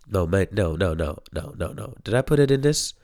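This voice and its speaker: A young man talks to camera about new music singles in a casual, slangy, animated way, laughing and swearing often. His voice sits low and has vocal fry.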